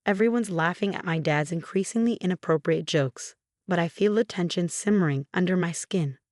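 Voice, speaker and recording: Brief: woman storyteller, low voice, dry close recording. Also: normal speed, darkish tone, no room sound. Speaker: narrator. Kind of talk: scripted first-person story narration.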